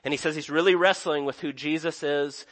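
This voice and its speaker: A man's voice: a little high, fairly even intonation, fairly quick, a bit bright. A young man preaching a sermon in an earnest, conversational way, often restarting his sentences. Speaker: pastor.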